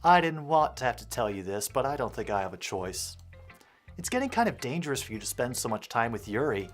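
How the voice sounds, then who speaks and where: A man's voice: mid-range voice, sing-song, fairly quick, soft background music. A man doing a chatty confiding schoolgirl. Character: cheerful confiding teenage girl club president. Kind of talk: let's play voice acting.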